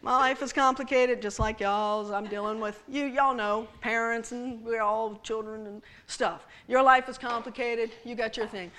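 Woman pastor, sermon with props, playful and teasing, crisp high voice. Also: steady tone, normal speed, hardly any pauses, a bit bright. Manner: playful, teasing, addressing the congregation directly. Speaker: preacher.

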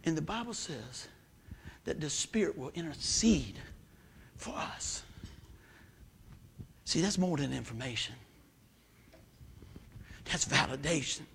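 A man's voice: a little high, lively intonation, a little slow, vocal fry, pauses often, bright, forceful tone, a little hiss or hum. A man preaching a sermon in a folksy, emphatic way, repeating words for stress.

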